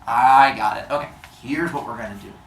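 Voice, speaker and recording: A woman doing a calm scheming earth goddess. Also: brisk, slight background noise. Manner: low, calm, conspiratorial advice. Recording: echoey room, distant mic.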